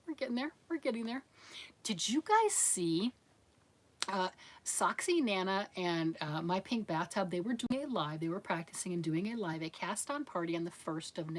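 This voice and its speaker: A woman's voice: mid-range voice, lively intonation, a little fast. A middle-aged woman casually chatting on a livestream, reading out viewer comments and answering them in a chatty, encouraging way with frequent laughs. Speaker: livestream host of a crochet channel.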